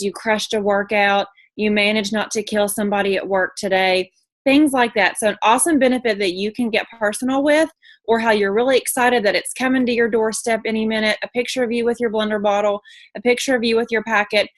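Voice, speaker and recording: A network marketing team leader gives her team a casual sales training talk, sounding bubbly and chatty with lots of ums and other fillers. Her voice is medium-pitched and fairly bright, with no room sound.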